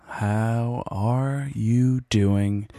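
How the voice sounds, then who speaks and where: A man hosting a podcast in a casual, rambling way, worn out after a long day and pausing often with fillers. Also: medium pitch, steady tone, heavy background noise. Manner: rambling, halting, with frequent fillers. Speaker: podcast host.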